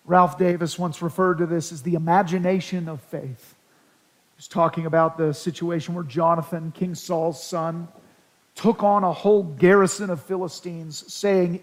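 High-voiced man preaching a sermon. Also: steady tone, normal speed, low-quality recording. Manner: earnest preaching, reads scripture aloud, dramatic rises for quoted pleas. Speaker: pastor.

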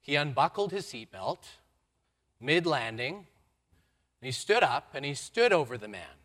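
Bright-voiced male pastor preaching. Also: fairly high pitch, very animated, a little slow. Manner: acts out quoted voices, swings from loud to soft. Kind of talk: sermon storytelling.

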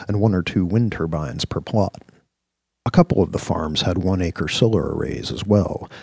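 A man narrating a science-fiction radio story in a measured, descriptive way. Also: low-pitched, a little mellow, husky, no echo. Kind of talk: scripted audio-drama narration.

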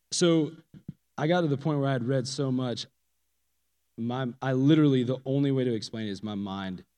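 A man giving a casual, animated personal testimony to a church audience, swinging from loud emphasis to hushed asides. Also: medium pitch. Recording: long reverb of a large hall.

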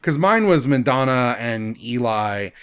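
A man in casual conversation about a game, asking quick questions and laughing often. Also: mid-range voice, lively intonation, fairly bright tone, smooth. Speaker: podcast co-host. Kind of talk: casual chat.

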